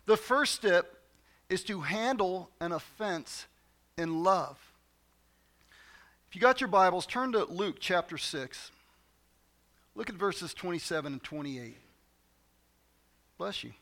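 A pastor preaches to his church in a high, bright, expressive voice, speaking slowly and pausing often. His delivery is loose and conversational, with key phrases repeated and asides dropped to the congregation.

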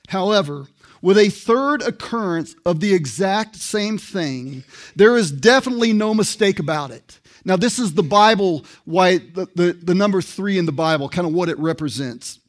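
A man preaching a sermon as pastor, in a conversational way, reading scripture and asking the congregation questions. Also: sits high.

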